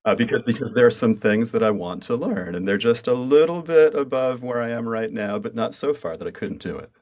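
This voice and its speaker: A man's voice: medium pitch, lively intonation, a little fast, darkish tone. An American man hosting a podcast interview, chatting casually and enthusiastically, often restarting his sentences. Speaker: podcast host.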